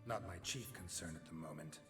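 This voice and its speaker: An actor playing a gruff, weary, middle-aged male witcher in a video game, calm and low-spoken. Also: brisk, lightly acted. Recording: game audio with music behind.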